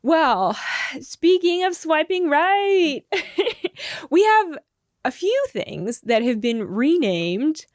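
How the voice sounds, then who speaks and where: A young woman with a fairly high voice co-hosts a political chat podcast. She talks in a chatty, lively way, often breaking into laughter. The sound is dry and close, with no room around it. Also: no echo. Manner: chatty, laughs often, quick bursts of excitement. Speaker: podcast co-host.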